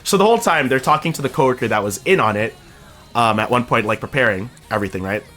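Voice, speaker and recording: A man's voice: medium pitch, quick pace, bright, forceful tone, faint music behind. A young man streaming, telling a long story in a casual, rambling way, swearing freely and laughing as he goes.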